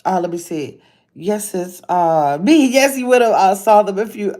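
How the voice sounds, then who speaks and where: A woman's voice: medium pitch, moderate pace, warm tone. An older woman, chatting casually on a livestream from a hotel room, reading viewer comments and calling them y'all. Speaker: livestream host.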